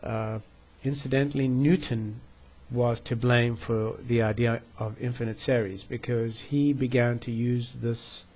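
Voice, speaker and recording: A man's voice: mid-range voice, steady tone, unhurried, lo-fi sound. A man hosting a math video channel, lecturing in a scornful, combative way, out of breath and often asking "okay?". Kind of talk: lecture-style video commentary.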